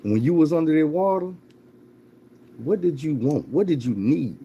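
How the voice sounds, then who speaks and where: A man voicing a calm male mentor who teaches a hard life lesson in a steady, preaching way. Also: fairly high pitch, moderate pace, breathy edge, highs cut off, voice pushed up. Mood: calm, instructive.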